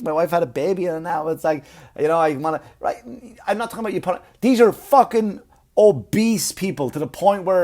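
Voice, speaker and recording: A man's voice: on the high side, brisk, a little mellow. A man, hosting a comedy podcast and telling a story as a rant, full of swearing and acted-out quotes. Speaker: podcast host.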